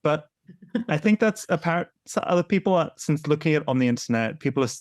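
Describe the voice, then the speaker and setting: A man co-hosting a podcast in casual chat, animated and opinionated, laughing often and repeating himself. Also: a little high, quick pace, no echo, studio quality. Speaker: podcast co-host.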